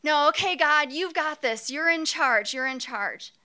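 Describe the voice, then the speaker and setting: A woman's voice: high-pitched, expressive, unhurried, pushed and bright, voice pushed up, full character voice. A woman doing a voice for Moses, an elderly man, praying eagerly and pleading with rising effort. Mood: hopeful praying.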